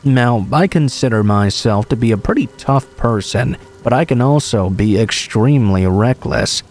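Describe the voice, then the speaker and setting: A man reading true horror stories aloud as scripted narration, in a steady, measured way. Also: medium pitch.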